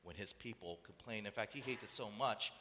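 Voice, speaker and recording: Speaking a little fast in a lower register, this pastor preaches while background noise lingers beneath him. Rhetorical questions to his listeners and acted-out voices fill the sermon, captured with echoey hall reverb.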